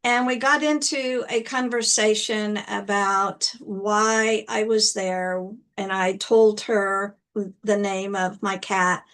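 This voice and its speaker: A woman motivational speaker telling a personal story in a gentle manner, often repeating words as she goes. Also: mid-range voice, steady tone, clear, resonant tone. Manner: gentle, unhurried, repeats words while recounting.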